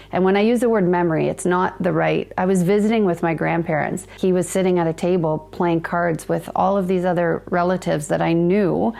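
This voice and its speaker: A woman in her thirties, a podcast guest, telling a personal story in a reflective, halting way with many fillers and restarts. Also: lowish voice, creaky, darkish tone.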